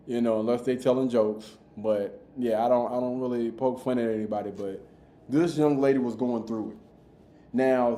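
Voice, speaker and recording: A man's voice: mid-range voice, mellow. A man hosting a reaction podcast in a casual, slangy way, often repeating his words. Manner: laid-back, slangy, repeats himself. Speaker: podcast host reacting to videos. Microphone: streaming mic. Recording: echoey room.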